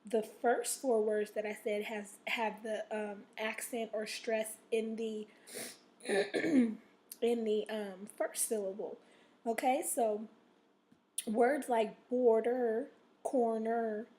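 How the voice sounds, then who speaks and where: A woman teacher with a fairly high voice reads and explains a phonics lesson. Her voice is a little rough and she coughs now and then. She checks in constantly and stretches out the vocabulary words slowly. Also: darkish tone. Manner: checks in with "okay?" after nearly every sentence; slow, drawn-out stress on vocabulary words. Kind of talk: recorded reading lesson.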